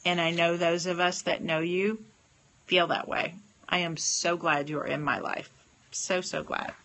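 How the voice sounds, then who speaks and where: A woman with a lowish but bright, forceful voice hosts a casual livestream card reading. She gushes effusively and keeps greeting her viewers by name. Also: level tone, measured pace, poor audio. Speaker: livestream host giving oracle card readings.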